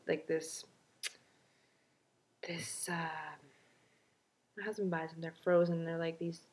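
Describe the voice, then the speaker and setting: A woman's voice: low-pitched, darkish tone, breathy edge. Chatty, self-mocking woman vlogger. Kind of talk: casual video diary.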